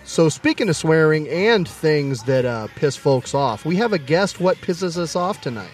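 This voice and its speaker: A man co-hosts a podcast in relaxed, casual chat, and his pitch moves lively and high. He sits a little back from the microphone, and faint music plays behind him. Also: normal speed, recorded from a distance. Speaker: podcast co-host.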